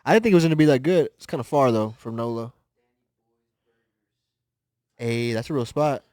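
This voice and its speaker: A man co-hosting a podcast in casual chat, loose, joking and slangy, and openly high. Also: moderate pace, darkish tone, clear, resonant tone, dry recording, studio quality. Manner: loose, joking, slangy, talks over others. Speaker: podcast co-host.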